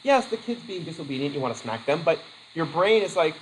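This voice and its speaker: Man lecturing a class, lively. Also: fairly high pitch, brisk, slight background noise, poor audio. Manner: lively, acts out quoted voices, laughs easily. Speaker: teacher.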